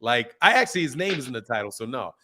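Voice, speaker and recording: A man's voice: mid-range voice, very animated, fast, pushed and bright, slight background noise. A man hosting a live call-in boxing show, talking in a laid-back, chatty, slangy way. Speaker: host.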